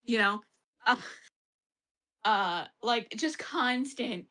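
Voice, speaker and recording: A woman's voice: fairly high pitch, expressive, measured pace, fairly bright tone. A woman streamer chatting casually about a game, laughing often and acting out the characters' lines in bursts.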